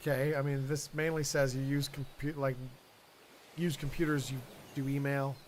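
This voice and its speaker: A man's voice: mid-range voice, little pitch movement, moderate pace, slight background noise. A man improvising a comedy sketch, hesitant and agreeable, often trailing off mid-thought.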